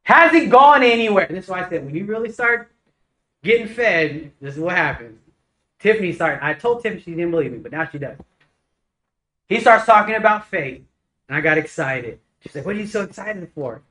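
A man preaching a casual, conversational sermon, telling stories with lively acted-out dialogue. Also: sits high, fairly quick, rough recording. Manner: animated storytelling, acts out dialogue.

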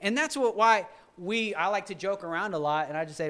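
A man's voice: sits high, brisk, a bit bright. A male pastor preaching in a loose, joking way, often restarting his sentences. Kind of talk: conversational sermon.

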